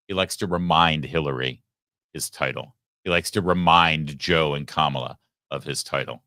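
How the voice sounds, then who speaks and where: Deep-voiced host with sarcastic asides. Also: male voice, pushed and bright, no room sound, clean studio sound. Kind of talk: live political commentary show.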